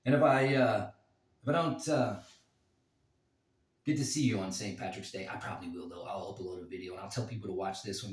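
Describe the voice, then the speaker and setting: A man's voice: lowish voice, fairly quick, long pauses. Rambling man telling a story, roomy and distant. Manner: rambling, crude humor, many fillers. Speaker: vlogger, former bouncer. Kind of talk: casual storytelling.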